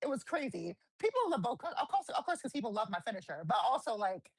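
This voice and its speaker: A woman, a guest wrestler, telling stories in a casual interview, animated, swearing freely and acting out quotes. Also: on the high side, fast talker, breathy edge, dry recording, low-quality recording. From New Jersey.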